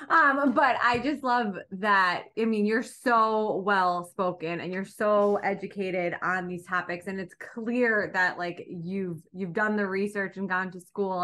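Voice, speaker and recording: A woman's voice: mid-range voice, pushed and bright. Chatty woman co-host, enthusiastic, casual podcast talk.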